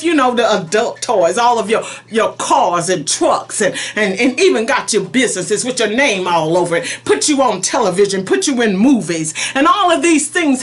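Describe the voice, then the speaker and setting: A woman preacher delivering a prophetic message spoken in God's voice, pleading and emphatic, shifting between soft and forceful. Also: high-pitched.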